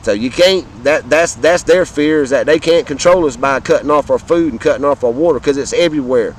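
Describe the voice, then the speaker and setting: A man from the American South with a noticeably high-pitched voice delivers an impassioned, profane rant. He speaks straight to his viewers and drives his points home through repetition. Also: fairly quick, slight background noise, poor audio. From Southern United States. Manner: fiery, profane, repetitive, addresses viewers directly. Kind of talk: impassioned political rant to camera.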